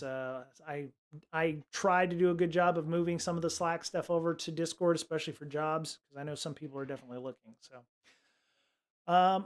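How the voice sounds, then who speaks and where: A man hosting a casual tech livestream, rambling along with lots of fillers and restarts. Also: a little high. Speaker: livestream host.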